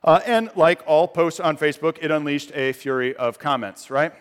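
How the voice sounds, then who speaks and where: A male pastor preaching a sermon in a conversational style that rises to emphatic, loud passages. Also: a little high, moderate pace, clear, resonant tone, in a large hall.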